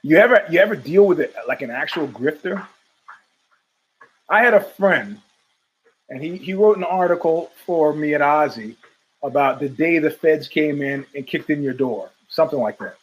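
A man's voice: a little high, expressive, moderate pace, poor audio. A man hosting his own talk show, telling rambling stories with voiced quotes and frequent laughs. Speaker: podcast host. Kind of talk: rambling casual monologue.

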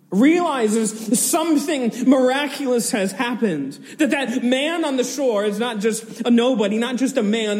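High-voiced man preaching in an echoing hall. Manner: animated storytelling, chuckling asides, vivid retelling. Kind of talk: expository sermon on scripture.

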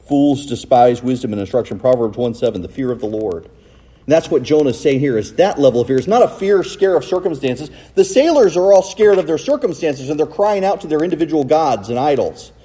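A man preaching a sermon in a church, recorded on a cell phone, with animated delivery and rhetorical questions. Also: medium pitch, moderate pace, slightly rough, long reverb tail. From United States. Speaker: pastor. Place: church sanctuary.

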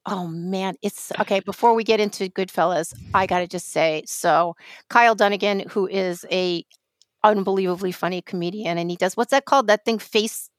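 A woman co-hosting a podcast in casual chat, an animated storyteller who restarts her sentences often. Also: mid-range voice, normal speed, no room sound. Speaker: podcast co-host.

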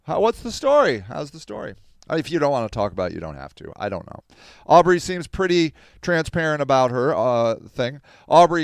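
A man's voice: mid-range voice, clean tone, no echo, studio quality. A man hosting a podcast, reading news aloud and commenting on it in a casual, emphatic way. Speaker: podcast host.

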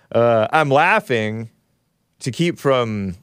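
A man's voice: mid-range voice, a little slow, clean tone, dry recording. A man hosting a live call-in stream in casual talk. His voice sits in a middle register, and he often breaks into laughs, sighs and groans. The close mic gives a dry, roomless sound. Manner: animated, laughing, sighing, groaning in disgust. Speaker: show host reading super chats.

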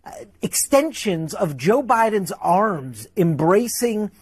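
A woman on a played broadcast clip, gushing and hesitant, with frequent pauses and restarts. Her voice is husky and breathy. The sound is dry, with no echo. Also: medium pitch, big pitch swings, darkish tone.

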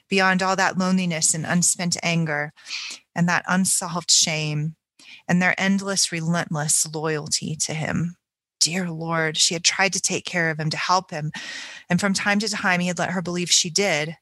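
A woman's voice: on the low side, pushed and bright, no echo. A woman reading a passage from a novel aloud in a book discussion, earnest and thoughtful. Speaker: book club member.

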